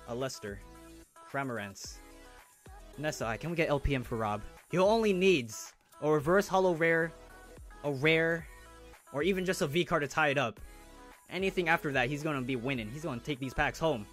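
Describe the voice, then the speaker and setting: A man's voice: fairly high pitch, moderate pace, a bit bright, soft background music. Hyped young man streaming, slangy chat. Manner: hyped, slangy, chatty with viewers. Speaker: live stream host opening trading cards. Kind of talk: casual live-stream chat.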